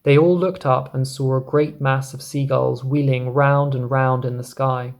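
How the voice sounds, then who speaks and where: A man reading a children's book aloud with steady, expressive narration. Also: medium pitch, unhurried. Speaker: reader. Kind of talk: storybook reading.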